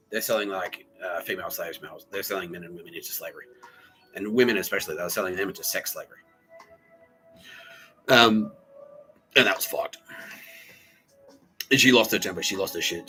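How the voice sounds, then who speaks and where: A man hosts a podcast in a rambling, swearing comedic monologue, stumbling through restarts and fillers. His voice sits a bit low but sounds bright and forward, with faint music underneath. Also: brisk, long pauses, rough recording. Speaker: podcast host.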